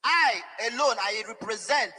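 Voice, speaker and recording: A man's voice: extremely high pitch, animated, unhurried, bright, forceful tone, long reverb tail, slight background noise, rough recording. A young man, giving an emotional, pleading and defiant public statement at a press conference. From Nigeria.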